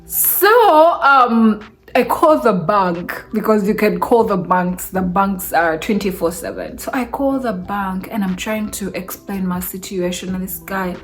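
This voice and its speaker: A woman recounts a personal story straight to camera in a relaxed, chatty vlog style. She speaks at a middle pitch and keeps the telling lively, laughing between remarks. Soft music plays faintly underneath. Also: measured pace. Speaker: vlogger. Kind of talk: casual storytelling.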